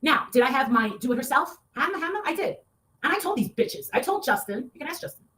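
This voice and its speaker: A woman talking in a heated, casual rant, swearing often and breaking into loud outbursts. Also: high voice, very animated, fast. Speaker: online show guest.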